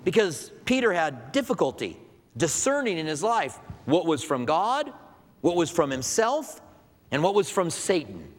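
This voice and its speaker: A man's voice: a little high, big pitch swings, unhurried. A man preaching a sermon to his congregation in a conversational style, asking rhetorical questions. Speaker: pastor. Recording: long hall reverb.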